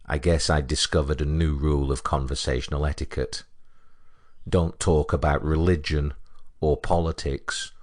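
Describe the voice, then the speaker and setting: A man with a British accent narrating a comic story in a deadpan, wry way. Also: rumbling low, moderate pace, dry recording, studio quality.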